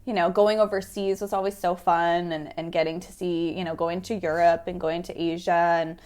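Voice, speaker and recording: A woman in her thirties from the American South, a guest telling stories in a casual interview, animated and laughing often. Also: fairly low pitch, normal speed. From Florida, American South.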